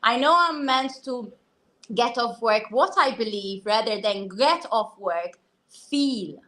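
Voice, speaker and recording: A woman guest talking candidly and earnestly on a talk show, telling stories with animated asides. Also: on the high side, slow pace. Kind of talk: casual talk-show conversation.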